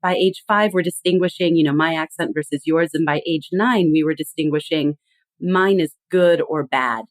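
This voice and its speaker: A woman guest on a podcast, explaining with animated emphasis in a conversational tone. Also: low voice, normal speed, no echo. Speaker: guest expert.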